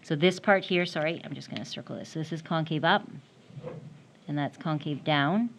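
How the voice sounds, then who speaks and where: A woman's voice: deep voice, normal speed, a little hiss or hum. A woman math teacher giving a classroom lecture, explaining step by step while she draws and often checking in with "right?".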